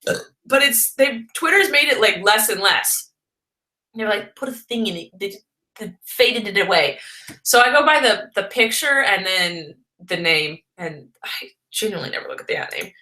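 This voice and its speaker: A woman's voice: mid-range voice, expressive, moderate pace, bright, forceful tone. A woman chatting casually on a livestream, rambling and laughing often as she answers comments. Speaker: vlogger live-streaming. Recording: roomy echo.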